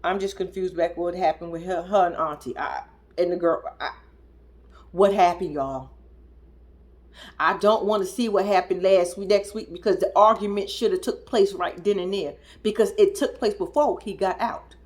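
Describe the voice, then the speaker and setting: A young adult woman giving casual, profane reaction commentary on a TV episode, incredulous and animated, often mimicking people in high squeals. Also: normal speed. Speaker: reality TV commentator.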